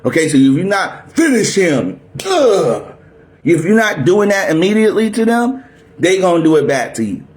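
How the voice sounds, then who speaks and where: A male preacher delivering a fiery sermon at the top of his voice. His delivery is aggressive and confrontational, like a drill sergeant barking orders at recruits. The voice sits a little higher than usual for a man. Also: sing-song, moderate pace. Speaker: preacher teaching scripture.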